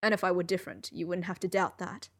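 A woman's voice: fairly low pitch, fairly even intonation, fast talker, fairly bright tone. A woman reading the part of an aloof, brilliant male detective in a dry, clipped, reserved manner. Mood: earnest.

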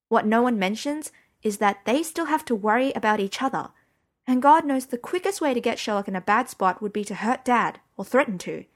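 A woman narrating a story in the first person, conversational and wry. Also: medium pitch. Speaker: audiobook narrator.

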